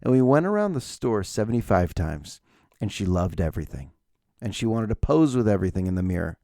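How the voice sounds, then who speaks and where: Sarcastic guy in his 40s telling podcast stories, voice jumps all over, kinda mellow, dry close sound. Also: on the low side, a little fast, dry recording. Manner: animated, sarcastic, acts out the people in his stories. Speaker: podcast host. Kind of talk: casual solo storytelling.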